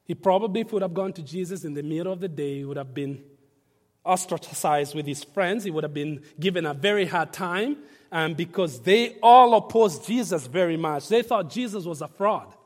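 High-voiced male preacher in a reverberant hall. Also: moderate pace. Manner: emphatic, repeats phrases, varies loudness for stress; asks the congregation to read along. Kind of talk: sermon.

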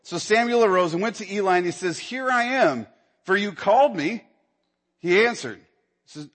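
A man's voice: animated, moderate pace, fairly bright tone, big-room sound. A man preaching a sermon in a conversational way, acting out the dialogue of the story he tells. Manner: conversational preaching, acts out Bible dialogue, rises in pitch when stirred. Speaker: pastor.

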